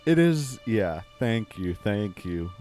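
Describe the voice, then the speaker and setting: A fairly low-voiced man hosts an improvised comedy chat. He delivers absurd lines in a deadpan, mock-serious tone. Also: slow pace, soft background music.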